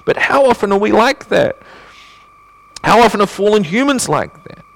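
A male pastor preaching a sermon in earnest, asking rhetorical questions and swinging between emphatic and hushed delivery. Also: high-pitched, very animated, moderate pace, gravelly.

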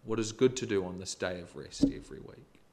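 A middle-aged man preaching a sermon, expressive and emphatic, with sudden rises and drops in loudness. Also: sits low, fairly quick, very noisy.

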